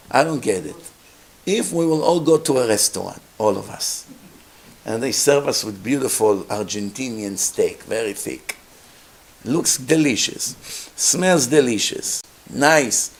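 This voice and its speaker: A man, a rabbi, giving a Torah lecture in English with non-native grammar, telling the story with lively acted-out voices. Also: takes it slowly, vocal fry, pauses often. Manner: animated storytelling, acts out characters with big pitch jumps.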